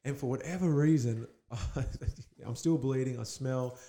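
A man's voice: mid-range voice, measured pace, warm tone, a little hiss or hum. Man, casual storytelling, laughs often, podcast guest. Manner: laughs often while telling stories. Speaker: guest, basketball player.

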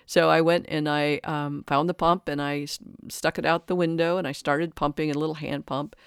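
A speaker in their sixties gives a reflective spiritual talk in a smooth, clear voice of middling pitch. They sound earnest and halting and often stop to restart a thought. The sound is dry and close. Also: little pitch movement, dry recording. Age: 60s. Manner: earnest, halting, frequent restarts and self-corrections.

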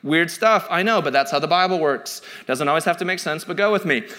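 A man in his thirties preaching a sermon in a joking, conversational way, swinging from loud to quiet. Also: on the high side, fairly quick. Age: 30s. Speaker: pastor.

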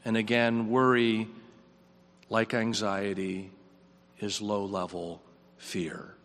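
A man preaching a sermon in a reflective, earnest way, his voice rising on questions and dropping soft. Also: lowish voice, level tone, takes it slowly, in a large hall, a little hiss or hum.

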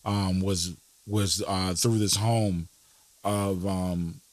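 A man hosting a podcast, talking through history in an earnest, casual way with many fillers, turning animated when he makes a point. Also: low-pitched, extremely slow, no room sound. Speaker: podcast host.

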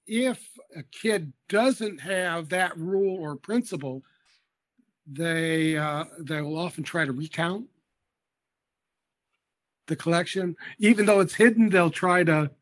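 A man's voice: a little high, takes it slowly, long pauses, fairly bright tone. A man being interviewed as an education expert, explaining methodically and patiently with small hesitations.

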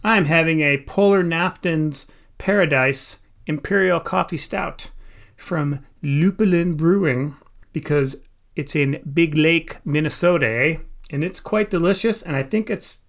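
Wry, teasing man with a higher voice. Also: measured pace, vocal fry, fairly bright tone. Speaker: podcast co-host. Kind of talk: casual chat. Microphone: home recording.

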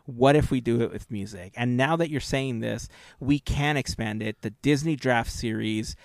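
A man's voice: mid-range voice, normal speed, creaky, no room sound. A man co-hosting a casual podcast, thinking aloud with enthusiasm and many fillers. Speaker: podcast co-host.

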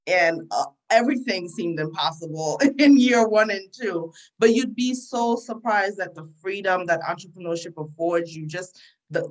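A woman's voice: lowish voice, rough recording. Reflective woman entrepreneur guest. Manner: warm, reflective, encouraging. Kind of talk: interview podcast.

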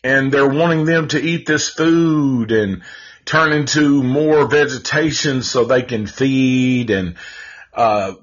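A man's voice: medium pitch, steady tone, takes it slowly. A man reviewing movies in a rambling, laid-back, profane way on a casual live stream. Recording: dull lo-fi audio.

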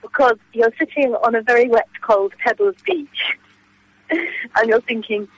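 A woman's voice: fairly high pitch, moderate pace, no echo, poor audio. An Englishwoman chatting on the radio by mobile phone from outdoors, rambling through anecdotes and laughing often. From England. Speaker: phone-in guest. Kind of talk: casual radio chat. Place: outdoors outside a coffee shop.

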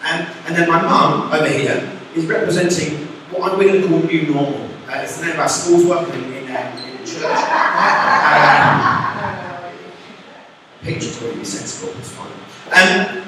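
A man's voice: on the high side, measured pace, very noisy. A young man preaching a casual, chatty sermon, acting out quotes as he goes. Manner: chatty, animated, acts out quotes. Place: church hall. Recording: echoey hall from far off.

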